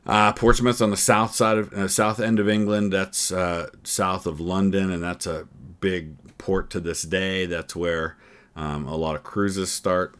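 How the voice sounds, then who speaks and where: A man's voice: sits low, little pitch movement, a little slow, a bit bright, clean tone. A man hosting a history channel, reacting to a trivia quiz and musing through each answer with plenty of ums and uhs. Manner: thinking aloud, hesitant with many fillers.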